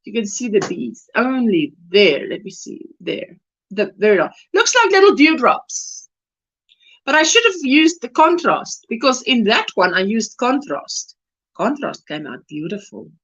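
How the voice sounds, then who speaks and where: A woman's voice: a little high, lively intonation, unhurried, a bit bright, muffled recording. A South African woman hosting a crochet livestream, chatting casually and reading out and greeting viewers' comments by name.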